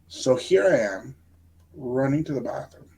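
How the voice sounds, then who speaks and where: A middle-aged man, co-hosting a podcast and telling a story in relaxed casual chat, dropping in the odd Spanish phrase. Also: mid-range voice. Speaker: podcast co-host.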